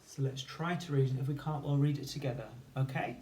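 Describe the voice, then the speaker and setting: A man teaching children phonics, slowly sounding out letters and syllables one at a time in a clear, patient way. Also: medium pitch, steady tone, darkish tone, slight background noise. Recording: echoey room with faint ambience.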